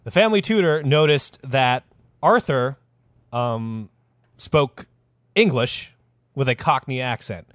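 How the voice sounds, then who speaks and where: A man hosting a casual podcast, telling a historical story with animated delivery and plenty of cursing. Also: medium pitch, slow pace, long pauses, no room sound, studio quality. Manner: animated, lively delivery with sudden voice put-ons.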